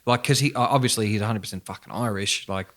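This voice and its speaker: A young man co-hosting a podcast, talking in loose, swear-laden casual chat. His voice sits a little low, and he keeps it moving and animated as he riffs and laughs along with his friend. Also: fast. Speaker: podcast co-host.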